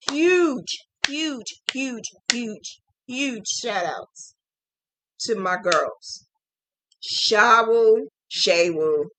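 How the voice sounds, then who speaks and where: A woman hosting a casual live stream, warmly thanking viewers in quick, emotional, laughing bursts. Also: a little high, no room sound. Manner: gushing, effusive thanks to viewers. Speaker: host of a crochet business livestream.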